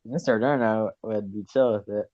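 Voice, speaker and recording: A man's voice: lowish voice, fairly even intonation, fairly quick, crowd noise. A teenage boy telling a school story in a casual podcast chat, laughing through his words. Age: teens. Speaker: podcast guest. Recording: dull dry mic.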